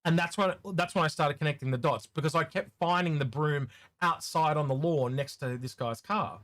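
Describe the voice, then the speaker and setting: Speaking at an ordinary pace, this Tasmanian Australian man has a slightly high, somewhat bright voice, and there's no echo on the track. He's co-hosting a live question-and-answer stream in casual conversation, wandering off topic and doubling back over his words as he starts sentences again.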